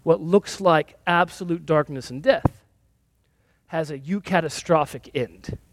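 A man's voice: a little high, a little slow, dry recording. A male pastor giving a sermon in a conversational, self-deprecating storytelling manner.

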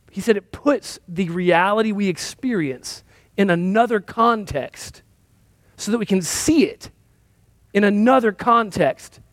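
A man's voice: high voice, dry recording. A male pastor giving a sermon in a conversational, self-deprecating storytelling manner.

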